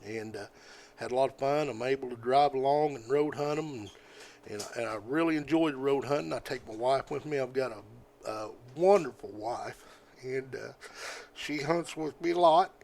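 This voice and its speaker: A man's voice: mid-range voice, creaky, a little mellow, a little hiss or hum. Folksy older man. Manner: folksy, rambling, halting with many fillers. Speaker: podcast guest. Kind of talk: casual storytelling.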